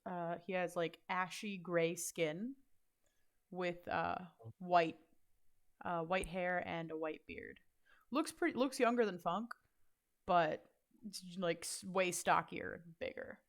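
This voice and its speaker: A woman's voice: lowish voice, fairly even intonation, slow. A woman narrating a tabletop game as game master, describing scenes loosely with lots of fillers.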